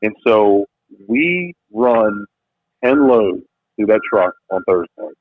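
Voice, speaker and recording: A man, a business founder and podcast guest, telling a story in lively conversation and acting out quotes in different voices. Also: on the low side, slow pace, no echo. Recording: tinny phone-like line, dry.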